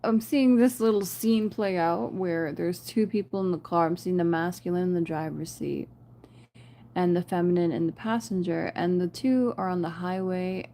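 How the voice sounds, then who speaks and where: Addressing her audience as "you guys" and "y'all," a woman delivers a relaxed tarot reading, talkative and quick to laugh. She speaks on the low side at a moderate pace, with a dark tone.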